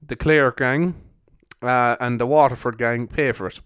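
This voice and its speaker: A man's voice: medium pitch, steady tone, a little slow, a bit bright, smooth, no echo, studio quality. Rambling young man with a Cork accent. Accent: Cork Irish. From Cork, Ireland. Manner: jokey, rambling, swears casually. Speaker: podcast host. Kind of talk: rambling solo podcast chat.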